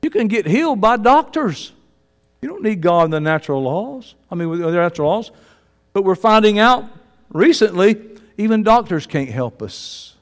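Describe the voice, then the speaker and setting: A man preaching a sermon, emphatic and folksy, swinging from loud declarations to low asides. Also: in a large hall.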